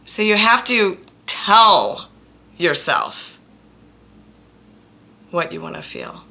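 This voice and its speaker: A woman counselor speaks directly to her viewers in a low, forceful voice. She is frank and blunt, and stresses her points by repeating them. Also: very animated, drawn-out words, gravelly. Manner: frank and blunt, openly emotional; emphatic, repeats phrases for stress. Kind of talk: direct-to-camera personal talk.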